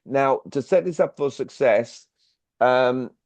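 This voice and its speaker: Speaking slowly in a slightly mellow, mid-range voice, a man leads an online sales workshop, addressing listeners directly and peppering them with questions. It is recorded as dull, dry video-call audio.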